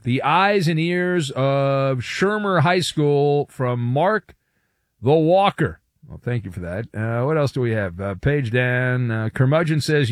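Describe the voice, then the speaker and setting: A man hosting a sports radio show, loud and jokey, reading listener messages over a music bed. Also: fairly high pitch, no echo, studio quality. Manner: loud, jokey, sing-song. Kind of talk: sports radio banter and promo reads.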